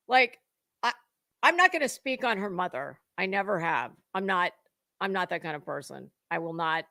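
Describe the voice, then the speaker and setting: A woman's voice: lowish voice, expressive, moderate pace, sharp tone, no room sound. A middle-aged woman hosting drama commentary, scathing and mocking, lecturing and swearing freely. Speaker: commentary channel host.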